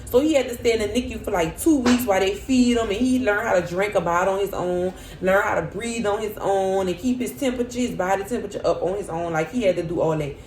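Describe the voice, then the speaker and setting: A young woman, telling a dramatic storytime vlog in an animated, expressive way. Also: medium pitch, fast, few pauses. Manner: animated, dramatic, swings to loud cries when reliving. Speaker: vlogger. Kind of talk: casual storytime. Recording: echoey room with faint hum.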